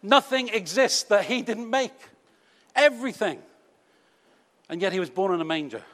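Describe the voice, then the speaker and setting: A man's voice: high-pitched, animated, moderate pace, fairly bright tone. A British man preaching a sermon to his congregation in a conversational, teasing way, full of rhetorical questions. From Britain. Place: church hall. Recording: long reverb of a church hall.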